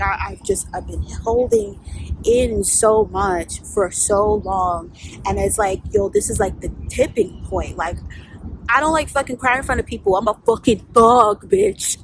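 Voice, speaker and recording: A woman's voice: fairly high pitch, creaky, noisy background. A woman vlogging outdoors, telling a candid, profane story in a casual storytime style full of fillers. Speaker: vlogger and life coach.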